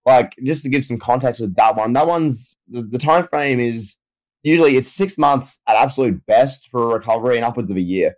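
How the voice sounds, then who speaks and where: A man's voice: mid-range voice, a little fast, a little mellow, poor audio. A man co-hosting a casual chat, talking in laid-back, slangy banter. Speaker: co-host.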